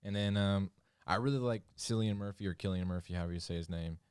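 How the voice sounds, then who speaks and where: A man with a deep voice talks casually on a podcast, rambling and restarting his sentences. He jokes around now and then. The sound is close and dry, with no room around it. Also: fast talker, darkish tone, clear, resonant tone, dry recording. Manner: rambling, restarts often, jokey. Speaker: podcast co-host. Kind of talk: casual chat.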